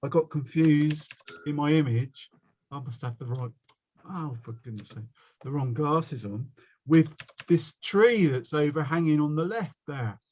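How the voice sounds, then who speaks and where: A man's voice: a little high, unhurried, darkish tone, dull audio. A man with a West Country accent teaching a watercolour workshop over a video call, chatty and rambling, often breaking off to mock himself. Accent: West Country English. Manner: rambling, chatty, self-mocking. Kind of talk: casual online workshop teaching.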